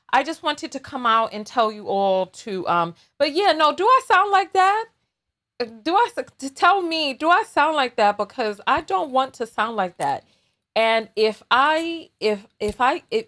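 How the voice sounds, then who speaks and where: A woman's voice: sits high, fairly bright tone. A woman talking casually and emotionally on a livestream, repeating herself and thanking viewers. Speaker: vlogger and aspiring public speaker.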